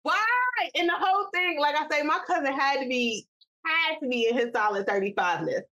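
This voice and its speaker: A woman from New York with a high, bright voice, chatting as a podcast co-host. She tells an animated, profane family story and slips into other people's voices. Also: fairly quick. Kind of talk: casual storytelling chat.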